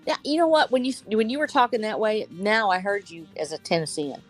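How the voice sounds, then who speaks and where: A woman from Texas in casual group chat, animated and thinking aloud with many restarts. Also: mid-range voice, a little fast, faint music behind. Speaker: co-host.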